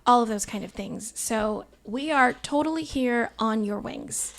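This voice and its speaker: A woman's voice: a little high, measured pace. A woman co-hosting a podcast, recapping a trip in a bubbly, playful back-and-forth with her co-host. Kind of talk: casual travel recap chat.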